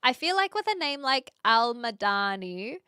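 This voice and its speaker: A woman's voice: on the high side, sing-song, unhurried, bright, forceful tone, clean tone, no room sound, studio quality. A young woman livestreaming, chatting casually and rambling with lots of fillers while reacting to her chat. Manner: reads chat and reacts aloud.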